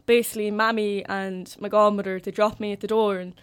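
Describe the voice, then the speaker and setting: A young woman with a Carlow Irish accent, hosting a student radio chat and telling stories with lively quoted voices. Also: mid-range voice, a little fast, smooth. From Carlow, Ireland. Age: young adult. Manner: chatty storyteller, animated quoting. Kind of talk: casual chat.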